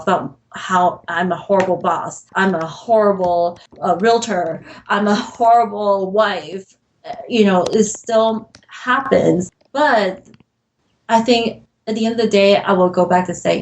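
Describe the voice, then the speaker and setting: A woman's voice: mid-range voice, measured pace, slight background noise, poor audio. A middle-aged woman speaking candidly as a podcast guest, earnest and emotional, laughing often between admissions of self-doubt. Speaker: podcast guest, real estate broker. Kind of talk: candid interview conversation.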